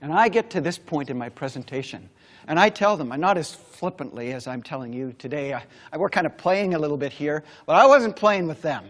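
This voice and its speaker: A man giving a motivational keynote, telling a story dramatically with long pauses. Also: on the high side, lively intonation. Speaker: keynote speaker. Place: stage before a large audience.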